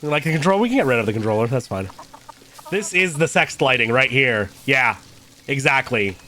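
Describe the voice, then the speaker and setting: A man's voice: medium pitch, expressive, brisk, pushed and bright, a little hiss or hum. Goofy stammering male streamer. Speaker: game streamer. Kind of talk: casual let's-play chat.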